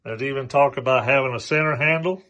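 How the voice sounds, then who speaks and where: A man hosting a product demonstration, talking plainly and slowly with many pauses and fillers. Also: mid-range voice, sharp tone, lo-fi sound. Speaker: host.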